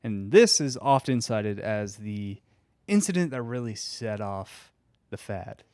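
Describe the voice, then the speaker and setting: A man hosting a podcast, reading history notes aloud in a casual chat with dry, deadpan asides. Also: on the low side, takes it slowly, no echo. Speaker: podcast host.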